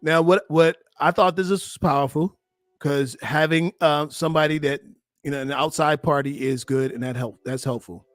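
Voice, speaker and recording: A man with a slightly high voice talks as a relationship coach, reacting to a clip. He is animated and emphatic and speaks right to his listeners. His voice is dry and close, with faint music behind him. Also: normal speed, no room sound. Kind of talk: reaction commentary on a played clip.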